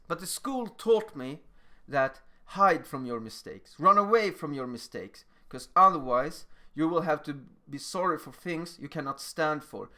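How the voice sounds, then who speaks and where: A young man with a slightly higher voice lecturing through his own school stories. He tells them in an animated, emphatic way, punching key words and acting out scenes. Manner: animated, emphatic, acts out moments. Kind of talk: personal storytelling lecture.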